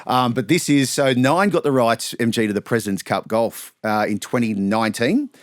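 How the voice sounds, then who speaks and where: Lively Australian man telling stories. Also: mid-range voice, moderate pace, dry recording, studio quality. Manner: animated anecdotes with laughter and acted-out quotes. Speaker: podcast guest, sports broadcaster. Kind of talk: casual storytelling chat.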